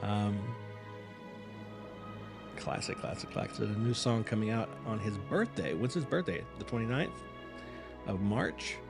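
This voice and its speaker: A man's voice: on the low side, a little slow, creaky, long pauses, music in the background. A man hosting a live reaction stream, chatting casually with viewers in a rambling, apologetic and self-mocking way.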